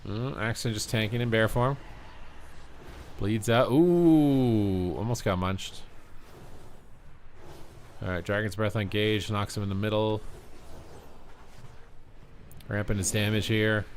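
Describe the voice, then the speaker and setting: A man's voice: on the low side, slight background noise. A tired man streaming live, calling game action play-by-play and chatting with viewers. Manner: quick play-by-play, rising excitement on big plays. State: tired, yawning. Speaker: streamer and esports commentator. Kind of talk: live game commentary and chat.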